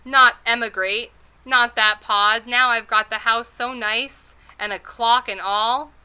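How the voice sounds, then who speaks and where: Storybook: woman reads a fretful tiny wife, pleading, smooth clear tone. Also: on the high side, steady tone, takes it slowly, bright, forceful tone, lo-fi sound, pitched above the performer's own voice, heavily acted. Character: anxious tiny female borrower, fretful wife. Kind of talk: storybook read-aloud.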